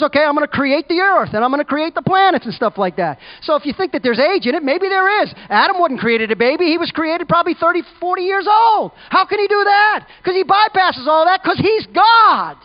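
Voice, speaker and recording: A man preaching a sermon in an emphatic, conversational way. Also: extremely high pitch. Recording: dull lo-fi recording.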